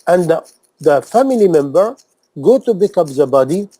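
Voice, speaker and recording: A man's voice: a little high, big pitch swings, normal speed, mellow, slightly rough, dry recording, low-quality recording. A man preaching a sermon in impassioned, non-native English, repeating phrases and firing off rhetorical questions. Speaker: Islamic preacher.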